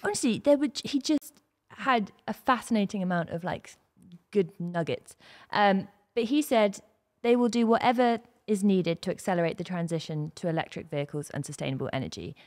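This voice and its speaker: A woman's voice: mid-range voice, fairly quick. A woman co-hosting a casual kitchen-table chat, talking in a chatty way and laughing at herself. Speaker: co-host.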